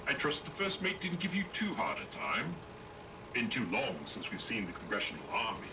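A man's voice: medium pitch, wildly swooping pitch, moderate pace, noisy background. A man voicing a pompous robot ship captain in a video game, with formal old-fashioned speech. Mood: stately.

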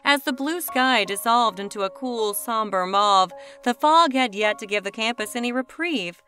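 Woman narrator, bright, clear reading voice, measured pace, faint music under her. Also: a little high, expressive. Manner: smooth, measured storybook reading. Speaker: storyteller. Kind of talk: scripted narration.

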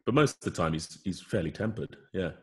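A man's voice: low voice, animated, brisk, slight background noise. A man, a rugby player, chatting in a laid-back way with lots of fillers and trailing thoughts. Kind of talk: casual chat.

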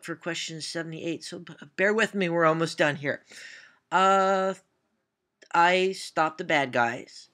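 A woman's voice: fairly low pitch, fairly bright tone. A Canadian woman with a Canadian accent, answering viewer questions in a casual vlog, rambling through anecdotes with lots of "uh" fillers and self-deprecating asides. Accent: Canadian English. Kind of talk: casual Q&A storytelling.

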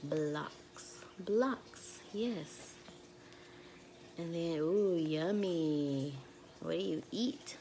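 Preschool teacher, young woman, very slow and sing-song, a little gravelly, lowish voice. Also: mellow. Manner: slow, sing-song, encouraging tone with animal sounds. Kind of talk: children's video lesson.

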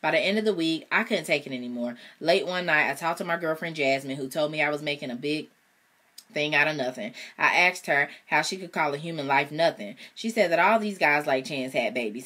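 A woman's voice: low-pitched, fairly quick, sharp tone. A woman reading a novel aloud, with casual chatty asides. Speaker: reader.

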